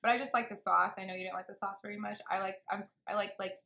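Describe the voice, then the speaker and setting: A woman's voice: medium pitch, fairly even intonation, rapid-fire, vocal fry, sharp tone, roomy sound, dull audio. A young woman co-hosting a casual mukbang vlog, giggly and rambling in an easygoing way. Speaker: vlog co-host.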